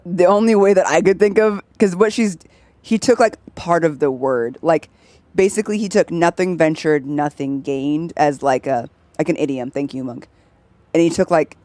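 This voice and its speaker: A woman's voice: low-pitched, dark tone, no room sound. A young woman streaming a game, chatting casually and laughing often as she explains things. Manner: chatty, laughs often, mimics voices in anecdotes. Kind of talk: casual gameplay chat.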